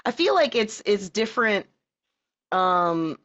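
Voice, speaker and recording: A woman's voice: mid-range voice, very animated, slow, a bit bright. A woman co-hosts a casual podcast, laughing easily and letting her thoughts trail off unfinished. Her remote audio is slightly dull and lo-fi. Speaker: podcast co-host.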